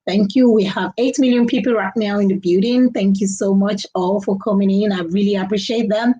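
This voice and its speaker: A woman's voice: mid-range voice, steady tone, brisk, warm tone, muffled recording. A young woman with a Nigerian English accent, hosting a casual live stream and chatting loosely, repeating herself and laughing often.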